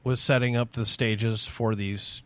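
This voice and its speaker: A man in his forties, a podcast host, telling a story in casual, profane chat, animated and loud at the big moments. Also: mid-range voice, unhurried, smooth, dry recording.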